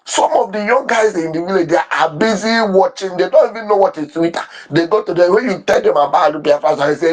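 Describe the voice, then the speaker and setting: Husky fervent man. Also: high-pitched, animated, brisk, hardly any pauses. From Nigeria. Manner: fervent, repetitive, stumbling restarts. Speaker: online commentator. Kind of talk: impassioned commentary.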